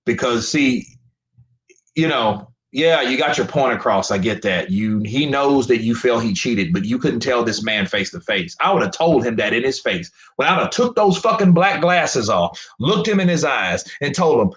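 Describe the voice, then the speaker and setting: On a live stream, a man rants about boxing, frustrated, profane, emphatic, and often repeating himself. His mid-range, fairly bright voice is expressive at a normal speed, caught on a low-quality recording in an echoey room.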